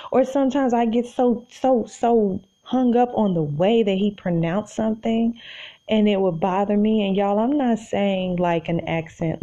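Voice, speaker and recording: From her bed at home, a podcast host chats casually about faith, calling her listeners y'all. Her voice is medium-pitched and mellow, and the highs are cut off.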